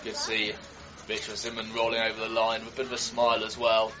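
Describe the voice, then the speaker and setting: A man giving live, joking race commentary that turns into excited shouts at crashes. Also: lowish voice, fast. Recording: dull broadcast audio with crowd behind.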